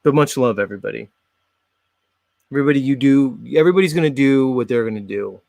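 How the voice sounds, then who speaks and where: A man's voice: mid-range voice, lively intonation, quick pace, gravelly, darkish tone, no room sound. A man hosting a show in a casual, mocking, blunt comedic rant. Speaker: host.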